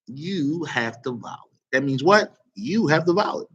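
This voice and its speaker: A man's voice: on the high side, lively intonation, unhurried, fairly bright tone, slightly rough, lo-fi sound. A man teaching an online Arabic grammar lesson, quizzing students and praising their answers with casual asides.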